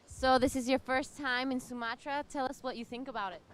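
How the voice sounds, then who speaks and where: A woman's voice: high-pitched, steady tone, a little fast, a bit bright, clean tone. Upbeat woman beach interviewer. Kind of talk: post-heat interview.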